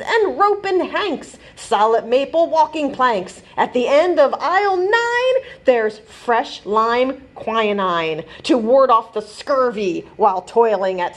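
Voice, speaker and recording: A woman librarian reads a rhyming picture book aloud for children's bedtime storytime, taking her time with each line. Her fairly high voice swoops widely up and down in an animated, sing-song way.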